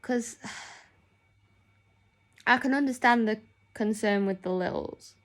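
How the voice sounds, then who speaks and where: A woman's voice: a little high, slow pace. A young woman chatting casually in a vlog, rambling with lots of fillers. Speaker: nurse.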